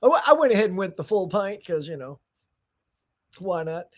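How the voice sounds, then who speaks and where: A man's voice: high-pitched, sing-song, moderate pace, a little hiss or hum. A middle-aged man hosting a casual morning livestream, chatty and upbeat, greeting viewers by name with frequent laughs and restarts. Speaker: livestream host.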